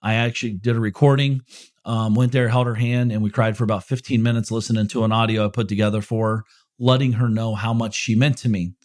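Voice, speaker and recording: A man's voice: fairly low pitch, steady tone, fast, a little mellow, dry recording, clean studio sound. Blunt, swearing man hosting a podcast. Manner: blunt and profane, swearing freely; candid, openly emotional about personal matters. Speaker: podcast host answering listener questions. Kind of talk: casual motivational monologue.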